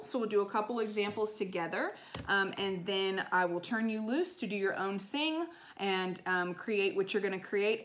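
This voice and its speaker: A woman's voice: medium pitch, a bit bright. Lady music teacher walking kids thru a lesson, upbeat, lots of um and okay. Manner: upbeat teacherly explaining with frequent ums and okays. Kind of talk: recorded classroom lesson for children.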